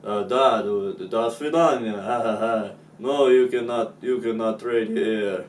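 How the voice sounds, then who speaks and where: A man voicing a loud, mocking Russian man who gloats and refuses, recorded in an echoey room away from the mic. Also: fairly low pitch, a little slow, far from the mic, slight background noise, close to an everyday voice.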